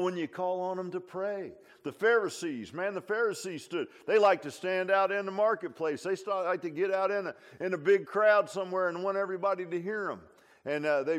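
A man preaching a sermon as pastor in a folksy, conversational way, with emphatic asides and frequent repeats and restarts. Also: a little high. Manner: repeats himself and restarts often.

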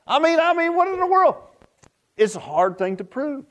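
A man's voice: extremely high pitch, big pitch swings, moderate pace, fairly bright tone, lo-fi sound. A man preaching a sermon, folksy and joking, often asking the congregation questions. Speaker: pastor.

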